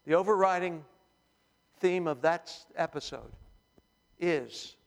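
A man's voice: a little high, a little slow, creaky. A male pastor preaching a sermon, telling the story with animation and humor, in a church hall. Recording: long hall reverb.

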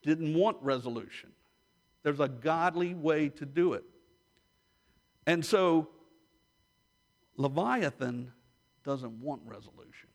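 High-voiced man preaching with emphasis. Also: slow, long pauses. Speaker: pastor. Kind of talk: sermon.

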